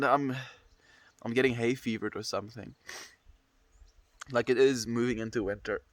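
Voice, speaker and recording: A man's voice: medium pitch, steady tone, brisk, a bit bright, no echo. A young man with a stuffy nose chatting casually on a livestream, rambling and reflective as he greets viewers.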